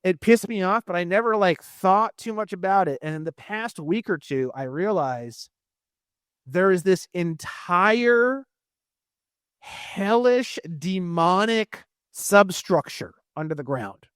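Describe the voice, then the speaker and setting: A man as an interview guest, ranting heatedly with lots of swearing and fast bursts. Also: high-pitched, lively intonation, fairly bright tone, smooth, dry recording, clean studio sound. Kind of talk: casual interview talk.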